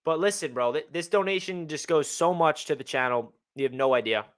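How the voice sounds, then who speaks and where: Amped up guy streaming about his team, high voice, real excitable. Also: fairly quick. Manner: hyped, excitable fan talk. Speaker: sports fan livestream host. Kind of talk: casual livestream chat.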